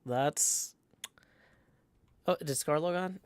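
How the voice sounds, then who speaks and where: A man livestreaming in casual chat, reading viewer messages aloud and rambling with many pauses and restarts. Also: on the high side, lively intonation, vocal fry. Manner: hesitant and rambling, many ums and restarts, tries out playful howls.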